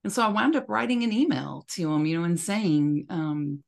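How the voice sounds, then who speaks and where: A woman's voice: fairly low pitch, animated, moderate pace, creaky, few pauses. A woman co-hosting a podcast, speaking frankly and directly in casual chat. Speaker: podcast co-host.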